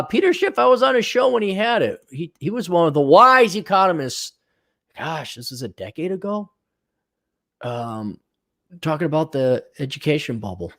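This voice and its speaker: A man's voice: mid-range voice, a bit bright. A man giving crude, sarcastic, rambling commentary as a vlog host. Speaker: vlogger and consultant.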